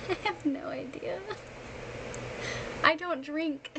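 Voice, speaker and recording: A woman's voice: sits high, very slow. A tired young woman streamer, rambling and laughing as she chats casually with her live viewers after reading a book aloud. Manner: rambling, chatty, laughs often, many fillers. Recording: clear background noise.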